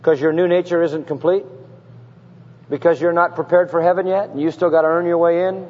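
A man's voice: on the high side, steady tone, fairly quick, a little mellow. A man delivers a sermon in a slightly raised register, pressing his listeners with rhetorical questions and reading scripture with growing intensity. His voice trails off into a long reverberant tail, and the recording has a muffled, lo-fi quality. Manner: asks rhetorical questions and reads scripture with rising fervor. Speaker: preacher.

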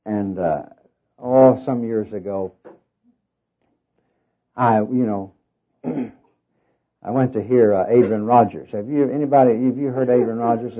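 A middle-aged Southern US preacher with a nasal tone speaks at a medium pitch. He tells his sermon as a folksy, rambling story with easy self-deprecating humor. The recording is dull and lo-fi, like an old sermon tape. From Oklahoma, raised in Arkansas.

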